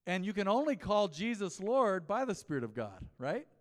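Speaking at an ordinary speed, this pastor keeps his mid-week sermon casual, as if talking with the people in the pews. He tells stories and throws questions their way. His voice is a bit high for a man, and the sanctuary echoes with a long reverb.

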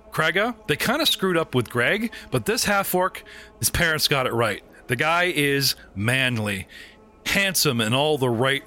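A man narrating a tabletop game as game master, animated and joking, often breaking into laughs. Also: mid-range voice.

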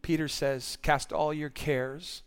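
High, clear-voiced male pastor preaching. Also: steady tone, slow pace. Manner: earnest, repeats words when stressing a point. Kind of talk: sermon.

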